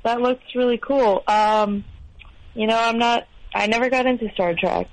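A woman's voice: on the high side, steady tone, normal speed, low-quality recording. A woman from Massachusetts calling in to a radio show, friendly and hesitant, with frequent ums. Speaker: caller. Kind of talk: casual phone call.

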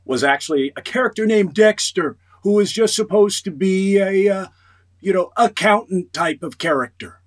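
A middle-aged man, a voice actor, telling stories in a casual interview, animated and quick to mimic others. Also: a little high. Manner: animated storyteller, quotes others in lively voices. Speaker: voice actor guest.

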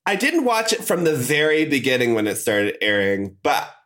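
A man's voice: medium pitch, very animated, moderate pace, a bit bright. A man co-hosting a podcast in casual chat, campy and slangy, laughing often. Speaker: podcast co-host.

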